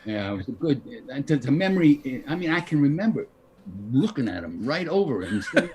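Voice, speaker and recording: An older actor telling a story over a video call, animated, acting out the lines of the people in his story. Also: on the high side, normal speed, a little hiss or hum. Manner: animated, acts out quoted dialogue. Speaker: guest actor. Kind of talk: anecdotal storytelling.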